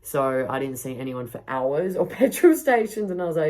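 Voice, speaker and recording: A woman with a notably low voice hosts her own podcast and tells a chaotic travel story in a loose, casual way. She is animated, laughs often and swears freely, and she records from a home backyard. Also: normal speed, hardly any pauses. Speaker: podcast host.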